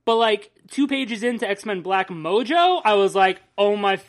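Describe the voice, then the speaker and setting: A host in a casual chat, retelling at length in a rambling, profane, animated way. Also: medium pitch, a little slow. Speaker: podcast host.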